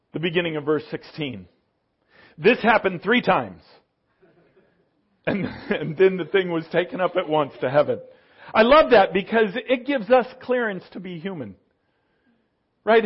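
A man's voice: high-pitched, expressive, unhurried, husky, dull audio. A man preaching a conversational sermon, leaning on asides and rhetorical questions to his listeners. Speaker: pastor.

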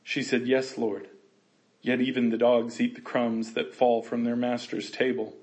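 A man preaching a sermon, earnest, swinging between loud passages and hushed ones. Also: mid-range voice, completely flat delivery, measured pace, echoey room. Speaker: pastor.

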